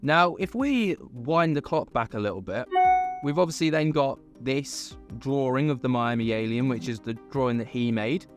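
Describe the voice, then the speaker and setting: A man chats through a commentary vlog in a casual, skeptical way, leaning on fillers as he goes. His voice sits at an ordinary middle pitch, with soft music faintly underneath. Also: expressive, moderate pace. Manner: chatty and skeptical, many fillers. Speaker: host. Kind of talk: casual commentary on online videos.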